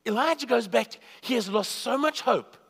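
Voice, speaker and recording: A man preaching a sermon, swinging from loud, high bursts to hushed, low asides. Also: animated, normal speed, vocal fry, slightly rough. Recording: long reverb of a hall.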